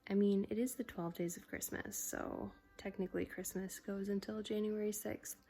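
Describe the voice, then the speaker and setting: A woman's voice: medium pitch, little pitch movement, moderate pace, dark tone, low-quality recording. A woman vlogging casually about knitting, rambling and giggly, often breaking off mid-sentence. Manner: rambling, giggly, self-interrupting. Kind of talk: casual chatty vlog.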